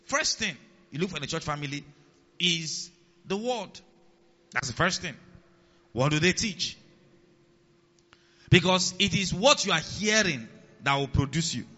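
Male pastor, fairly high, very sharp-toned voice; preaches with repeated call-outs to the congregation. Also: expressive, measured pace, pauses often. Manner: keeps checking in with the congregation, repeats key lines; swings between loud emphasis and quiet asides. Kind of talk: sermon. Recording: long hall reverb, dull lo-fi sound.

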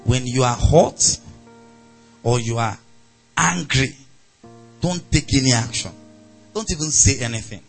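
A man with a Nigerian accent preaching a sermon, animated and acting out quoted voices. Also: medium pitch, measured pace, creaky, long pauses, soft background music. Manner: animated preaching, acts out angry voices, laughs. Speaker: pastor.

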